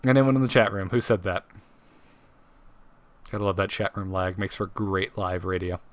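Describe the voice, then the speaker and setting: A man's voice: low-pitched, moderate pace, no echo. A man co-hosting a casual live podcast, running a trivia segment and reading quotes with playful emphasis.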